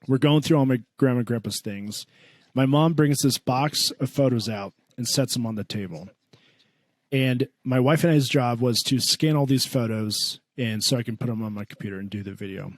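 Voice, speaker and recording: Man, podcast co-host, animated comic storyteller, dry close mic. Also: normal speed, no echo. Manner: animated, swears a lot, voices his mom in a high pitch. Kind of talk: comedic storytelling.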